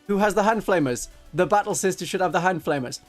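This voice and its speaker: A man's voice: sits high, fast talker, soft background music. A man chatting casually on a livestream, joking and now and then slipping into silly voices. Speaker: streamer.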